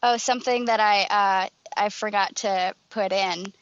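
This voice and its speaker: A woman's voice: mid-range voice, fairly even intonation, measured pace, lo-fi sound. A woman co-hosting a podcast, chatting in a wry, casual way and laughing easily. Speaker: podcast co-host. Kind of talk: casual recap chat.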